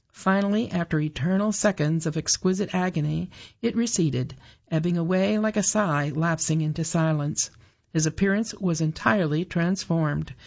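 Woman reading an audiobook, steady pace, bit of vocal fry, muffled lo-fi sound. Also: fairly low pitch. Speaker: audiobook narrator. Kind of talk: scripted narration.

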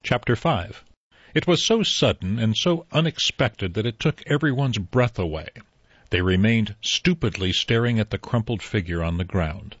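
A male audiobook narrator tells the story in a measured way, his voice low and husky. The recording is dry and close. It is also dull and lo-fi. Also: expressive, no room sound. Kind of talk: scripted narration.

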